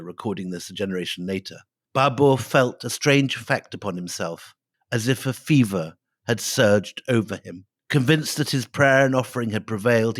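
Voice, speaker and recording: A man's voice: on the low side, no echo, studio quality. A middle-aged man co-hosting a history podcast, telling the story with dramatic flair and reading quotes aloud.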